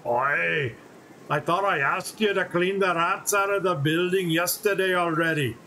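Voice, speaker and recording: A man's voice: high-pitched, measured pace, sharp tone, slight background noise, full character voice. A man voicing a bossy dwarven storekeeper with a Scottish accent. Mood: scolding.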